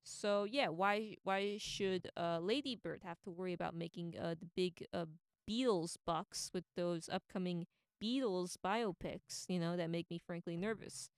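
A woman with a lowish, smooth and resonant voice rambles through her opinions on movie casting. She talks in a loose, offhand way, full of fillers and restarts, recorded close and dry. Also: measured pace, dry recording. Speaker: entertainment commentator. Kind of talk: casual opinion commentary.

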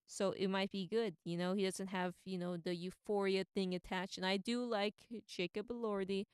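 A woman's voice: mid-range voice, fairly even intonation, moderate pace, clear, resonant tone, no room sound, clean studio sound. A woman giving a casual, opinionated and rambling monologue as a pop culture commentator.

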